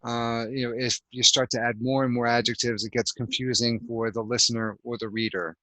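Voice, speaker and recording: A man's voice: mid-range voice, level tone, brisk, sharp tone, no echo, poor audio. A man teaching an English grammar lesson over a video call, explaining patiently step by step with lots of fillers. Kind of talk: online language lesson.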